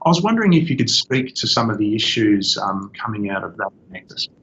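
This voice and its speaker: A man doctoral researcher asking a polite, halting interview question with many ums. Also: lowish voice, sing-song, fairly bright tone. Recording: muffled, dull audio.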